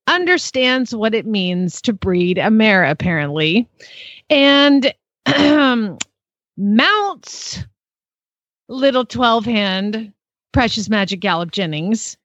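A woman's voice: medium pitch, expressive, slow pace, a bit bright, no echo, lo-fi sound. A woman co-hosting a casual podcast, reading ads aloud in a dry, mocking way. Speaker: podcast co-host.

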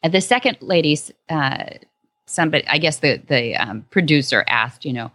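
A woman co-hosting a casual chat, telling a lively story with frequent laughter. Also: deep voice, normal speed, no echo. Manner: animated storytelling, laughs often.

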